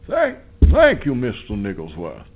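A man playing a pompous, evil old southern gentleman who calls a talk show and orders his butler around. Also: mid-range voice, wildly swooping pitch, full character voice. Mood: smug. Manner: drawling, pompous, slow and creaky. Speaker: caller. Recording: lo-fi phone-like sound.

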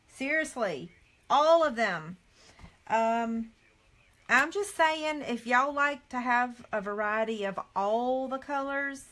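A woman's voice: a little high, fairly bright tone. A middle-aged woman, chatting live with viewers as a craft demonstrator and reading items off a catalog, with frequent dismayed sighs. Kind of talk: casual live chat with viewers.

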